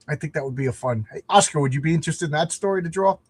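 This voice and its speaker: Male livestream host, husky, rambling and self-deprecating, casual chat. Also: fairly high pitch, very fast. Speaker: comic book creator and livestream host.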